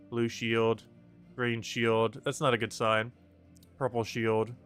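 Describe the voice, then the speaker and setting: A man's voice: medium pitch, clean tone. A man streaming a game, rambling casually with many fillers and frequent laughter. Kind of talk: casual game livestream commentary.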